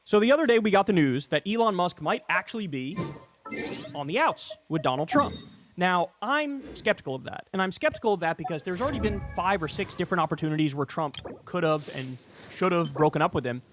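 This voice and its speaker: A man's voice: a little high, slight background noise. A man delivering indignant political commentary, sarcastic and full of swearing.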